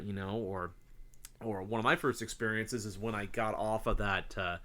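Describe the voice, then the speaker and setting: A man co-hosting a casual podcast, rambling through excited stories and swearing freely. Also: lowish voice, normal speed. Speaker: podcast co-host. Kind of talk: casual chat.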